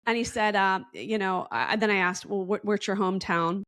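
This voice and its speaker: A woman's voice: medium pitch, fairly even intonation, normal speed, fairly bright tone, no room sound, clean studio sound. A woman guest in a casual podcast interview, telling a long story in a chatty, rambling way and acting out the dialogue.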